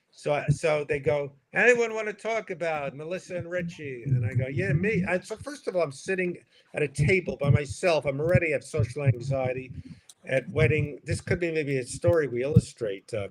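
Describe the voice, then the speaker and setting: A man's voice: mid-range voice, moderate pace. An older man, a comedian, telling a rambling self-deprecating story on a livestream call, full of restarts. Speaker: comedian, stream co-host. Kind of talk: casual storytelling chat. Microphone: livestream video call mic. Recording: noisy stream audio.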